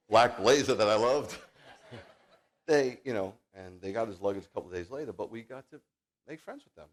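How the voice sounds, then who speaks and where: A man in his fifties, a rabbi giving a sermon, telling personal stories in an animated, jokey, emphatic way. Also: fairly low pitch.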